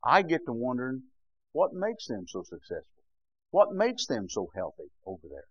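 His pitch swoops wildly as an older man preaches at a moderate pace, moving from hushed, low passages to shouted climaxes. He often exclaims "bless God," and the lo-fi recording has no room sound.

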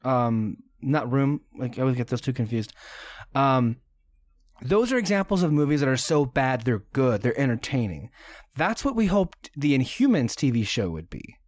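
A man's voice: mid-range voice, very animated, moderate pace. A man co-hosting a podcast in casual chat, rambling with lots of ums and likes. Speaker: podcast co-host sharing his movie list.

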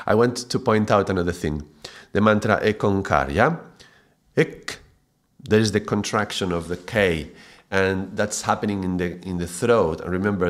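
A male yoga and mantra teacher delivers a spoken video lesson in a reflective, thoughtful way, now and then breaking into excited bursts of laughter. His voice sits low.

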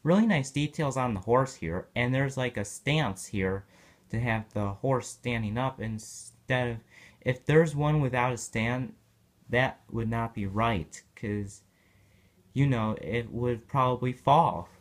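A man's voice: medium pitch, slow. A man casually narrating a toy unboxing, rambling and repeating himself as he goes.

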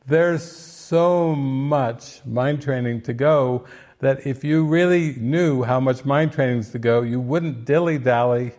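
A man's voice: mid-range voice, slow pace, darkish tone. A man giving casual spiritual commentary in an earnest, playful way, now and then acting out little quoted voices.

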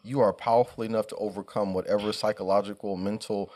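A man's voice: on the low side, fairly even intonation, quick pace, mellow. A man co-hosting a podcast, talking in a casual, emphatic and preachy way with plenty of swearing. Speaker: podcast co-host.

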